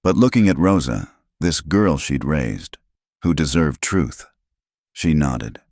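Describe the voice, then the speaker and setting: A man reading a frontier tale as scripted narration in an even storytelling manner. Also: extremely low pitch, slow pace, no room sound, studio quality.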